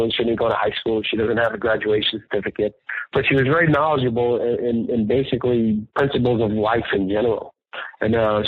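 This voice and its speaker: A New man with a husky, slightly breathy voice tells stories as an interview guest, earnest and animated. He comes through a tinny, phone-like line with a dry, close sound. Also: mid-range voice, dry recording. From New York, the Bronx. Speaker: restaurant owner, guest. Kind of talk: casual interview storytelling.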